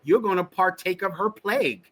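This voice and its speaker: A man preaching Bible commentary in a blunt, emphatic way, hammering each point through repetition. His voice sits high for a man and rings bright and forceful. He leads the class like a teacher. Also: normal speed. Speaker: teacher leading a scripture class.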